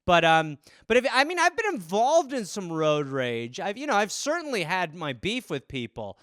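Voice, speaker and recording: A man's voice: high-pitched, sing-song, normal speed, fairly bright tone, smooth, no room sound, clean studio sound. A man hosting a comedy podcast, riffing alone on topics in a rambling, profane, self-deprecating way. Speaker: podcast host.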